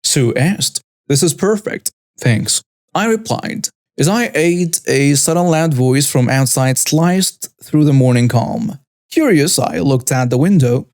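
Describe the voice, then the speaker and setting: A man's voice: fairly high pitch, expressive, measured pace, a little mellow, no room sound. A man narrating first-person stories in a plain, matter-of-fact scripted style on a close mic. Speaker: story narrator.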